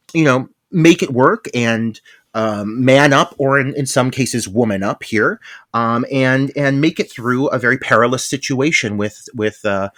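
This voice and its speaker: Male podcast co-host, lively swinging pitch, bubbly and chatty, dry close sound. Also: dry recording. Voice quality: animated, gushing, laughs often. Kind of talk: casual chat.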